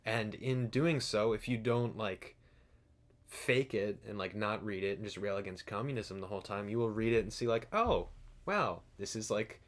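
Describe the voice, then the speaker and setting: Low young man, casual and sarcastic. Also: steady tone, moderate pace. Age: young adult. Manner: casual, hedging with "like", sarcastic impressions. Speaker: podcast co-host. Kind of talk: casual political chat.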